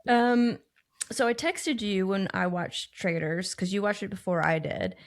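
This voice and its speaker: A woman's voice: mid-range voice, measured pace. A woman co-hosting a casual podcast, candid and self-deprecating, often laughing at herself. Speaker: podcast co-host. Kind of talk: casual chat.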